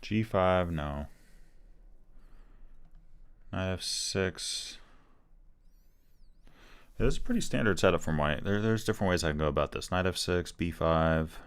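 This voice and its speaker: A man's voice: sits low, lively intonation, a little slow, pauses often, smooth. A man casually commenting on his own online chess game, thinking aloud and hedging as he reacts to the moves. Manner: thinking aloud, hesitant, defensive. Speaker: chess streamer. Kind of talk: casual live commentary while playing.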